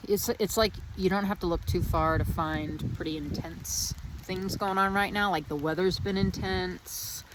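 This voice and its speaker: Low-voiced woman musing outdoors in rain. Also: slight background noise. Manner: meandering, reflective musing with many restarts. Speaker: vlogger. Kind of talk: casual spiritual reflection.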